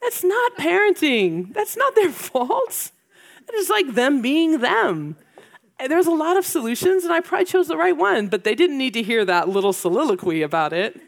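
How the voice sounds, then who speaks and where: Gravelly-voiced woman speaking to moms. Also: high-pitched, sing-song, moderate pace. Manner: chatty, self-deprecating, laughs often. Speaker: speaker at a women's gathering. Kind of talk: casual humorous talk to moms.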